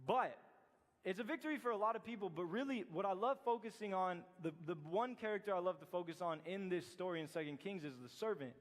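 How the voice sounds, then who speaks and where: A man's voice: high voice, fast talker. A male youth pastor telling a scripture story in a casual, chatty sermon full of fillers and acted quotes. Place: church sanctuary. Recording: long hall reverb.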